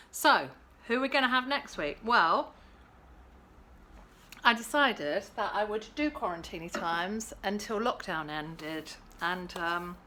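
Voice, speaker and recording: A woman's voice: lowish voice, sharp tone, a little hiss or hum. A woman hosting a casual cocktail-making vlog at home, chatty and playful. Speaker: host.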